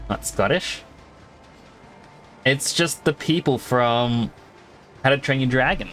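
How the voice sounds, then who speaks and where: A man's voice: mid-range voice, slow pace, fairly bright tone, soft background music. A man streaming a video game, chatting casually and rambling, with frequent laughs. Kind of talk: casual gaming stream chat.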